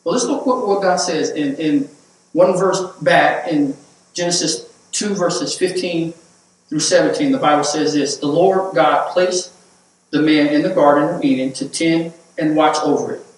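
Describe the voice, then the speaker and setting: A man's voice: on the high side, moderate pace. A man preaching a sermon as pastor, repeating words as he builds to emphatic points. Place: church sanctuary. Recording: echoey church hall, mic at a distance.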